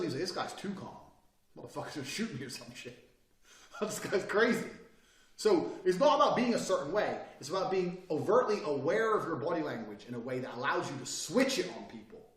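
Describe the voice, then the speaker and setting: A man giving a blunt, profane motivational talk, often dropping from loud to quiet. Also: a little high, roomy sound, distant mic. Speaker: speaker giving advice.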